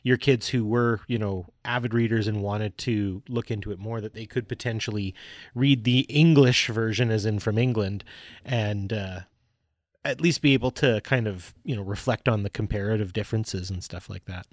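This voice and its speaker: Chatty animated man co-hosting a podcast. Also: on the low side, normal speed, no echo, studio quality. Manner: animated, chatty, many fillers and restarts. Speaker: podcast co-host. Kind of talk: casual chat.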